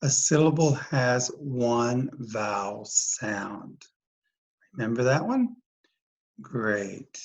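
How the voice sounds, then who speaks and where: A teacher walks through a phonics lesson at an unhurried, deliberate pace. The voice is patient and steady, repeating each word and pausing to ask the listener questions. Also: mid-range voice, poor audio. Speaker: dyslexia teacher.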